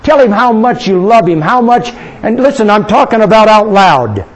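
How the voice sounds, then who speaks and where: High-voiced man leading fervent prayer. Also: very animated, poor audio. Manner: fervent, intimate, coaxing the listeners to pray aloud; drifts into soft, slow speaking in tongues. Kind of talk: charismatic prayer session.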